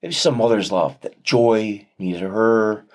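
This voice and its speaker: A man with a low, deep voice speaks as a guest in an interview, sharing a heartfelt personal testimony. He talks earnestly and reflectively, pausing often and restarting his sentences as he searches for the right words.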